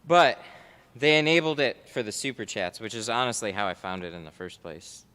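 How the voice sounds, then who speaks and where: Working in a car tint shop, a man who tints windows chats casually on a livestream while answering viewer chat. He speaks fairly quickly with a fairly low, animated voice that is sharp and clean in tone, with a big-room sound.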